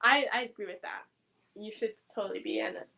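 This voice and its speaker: A woman's voice: mid-range voice, lively intonation, a little fast, creaky, sharp tone. A young woman co-hosting a live stream, eagerly chatting and agreeing about theater. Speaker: co-host. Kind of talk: casual chat about theater news.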